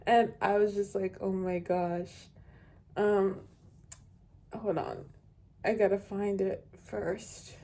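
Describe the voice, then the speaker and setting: A woman's voice: mid-range voice, flat delivery, slow pace, long pauses, warm tone, breathy edge. A young woman chatting casually as a book vlogger, rambling and hesitant with many fillers. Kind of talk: casual chat.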